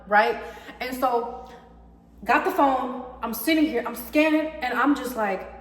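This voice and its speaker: A woman's voice: high-pitched, a little slow. Heated woman ranting in an echoey room. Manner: heated, emphatic, swears freely. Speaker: vlogger. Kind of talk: personal storytime rant. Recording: echoey room with long reverb.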